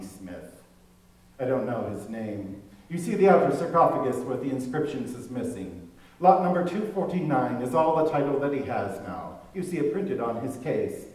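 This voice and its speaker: A man voicing a secretive, high-strung male scholar of antiquities who muses in a guarded, lecturing way, recorded in an echoey room from far off. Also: a little mellow, natural voice.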